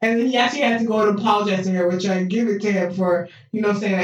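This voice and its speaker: Brief: animated woman recapping a show, distant mic in a very roomy space. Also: medium pitch, very fast, few pauses, highs cut off. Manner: animated, acts out scenes with laughs. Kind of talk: casual chat recapping a TV drama. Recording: echoey room, far from mic.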